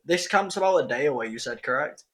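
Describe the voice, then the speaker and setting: A man's voice: fairly high pitch, animated, quick pace, a bit bright, breathy edge. A man playing a tabletop game, joking and swearing casually. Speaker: player. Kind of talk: casual tabletop role-play.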